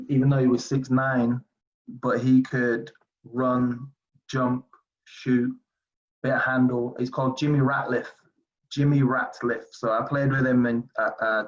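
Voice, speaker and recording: A man in his forties from England, telling basketball stories in a casual interview, animated and rambling with many fillers. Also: medium pitch. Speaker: streetball player guest. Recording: dull lo-fi audio.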